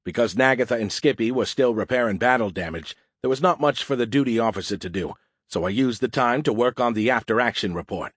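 Husky male audiobook narrator. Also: mid-range voice, fairly quick, no echo, clean studio sound. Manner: wry, conversational. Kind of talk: first-person audiobook narration.

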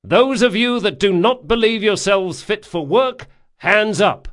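Audiobook: male narrator as brisk, commanding pirate captain; lively, pushed up in pitch and volume. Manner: brisk, commanding orders to a crew. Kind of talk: audiobook character voice.

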